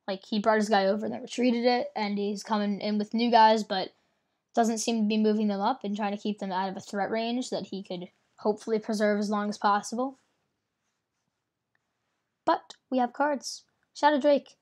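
A woman casually commenting on her own card game as she plays, thinking out loud and teasing her opponent. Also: mid-range voice, steady tone, normal speed. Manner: chatty, thinks aloud, playful trash talk. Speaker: gameplay commentator. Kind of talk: casual let's-play commentary.

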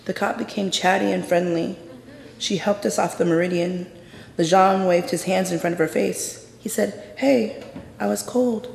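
A storyteller performing a true personal story live on stage, intense and measured, going hushed in the quiet moments. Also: mid-range voice, little pitch movement, creaky, a little hiss or hum. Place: stage in a large hall. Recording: roomy hall with long reverb.

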